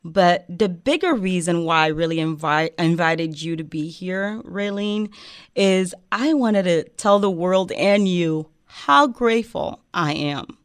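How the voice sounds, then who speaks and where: A woman's voice: fairly low pitch, measured pace, clear, resonant tone, dry recording, studio quality. Earnest woman host. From West Africa. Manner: earnest, emotional, many fillers. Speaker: show host. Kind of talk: heartfelt podcast interview.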